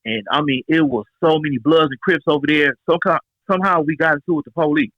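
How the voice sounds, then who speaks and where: A Los Angeles man in his forties, interviewed casually, tells street stories with animation and voices the quotes himself. He talks fast at a fairly high pitch, and the sound is dry and dull.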